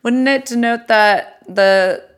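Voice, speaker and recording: A woman's voice: a little high, slow pace, clean tone. A woman co-hosting a casual political podcast, laughing easily and talking loosely with lots of fillers. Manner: laughing, conversational, lots of "you know" and "like". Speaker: podcast co-host.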